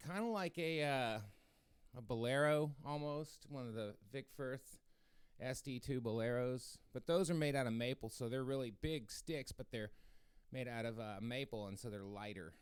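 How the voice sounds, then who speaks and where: Easygoing man with a smooth voice. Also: medium pitch, moderate pace, no echo, clean studio sound. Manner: rambling, relaxed, lots of fillers and restarts. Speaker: drummer hosting a practice stream. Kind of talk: casual rambling chat.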